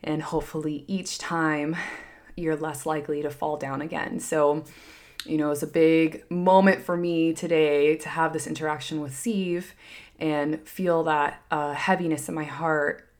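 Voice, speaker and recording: A woman's voice: low-pitched, little pitch movement, unhurried, a little mellow. A woman in her thirties talking candidly and earnestly about parenting, full of fillers and restarts. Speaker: parenting vlogger. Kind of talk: candid heartfelt monologue.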